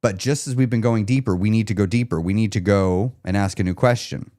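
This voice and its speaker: A man's voice: fairly low pitch, a little fast, dark tone. A man coaching viewers on a live stream, speaking emphatically, repeating key questions and checking in with his audience. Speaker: weight loss coach.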